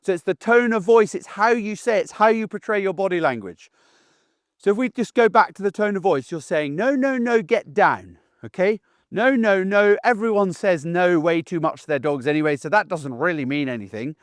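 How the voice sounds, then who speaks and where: A man's voice: sits high, a little fast, no room sound, clean studio sound. A middle-aged man, a dog trainer, giving an instructional talk to camera in an assertive, down-to-earth way, often checking in with "okay?". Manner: plain-spoken, assertive, down-to-earth.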